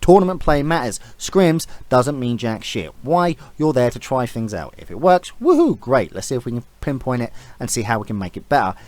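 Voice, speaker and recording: A man's voice: medium pitch, lively intonation, fairly quick, hardly any pauses, a little mellow, no room sound. A man giving a casual, rambling opinion rant as an esports vlogger, blunt and swearing freely.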